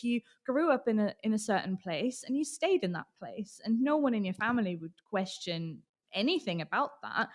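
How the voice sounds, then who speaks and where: A woman from Austria with an accent that is hard to place, talking openly as an interview guest and laughing often. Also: medium pitch. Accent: British English blended, hard to place. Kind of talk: casual interview chat.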